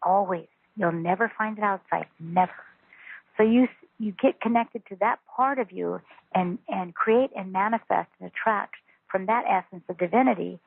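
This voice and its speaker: A woman, a spiritual teacher, talking calmly and earnestly as a guest on a phone interview. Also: medium pitch, moderate pace, creaky, slightly rough, no room sound. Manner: calm, earnest, instructive. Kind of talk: interview over a phone call. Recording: tinny phone line.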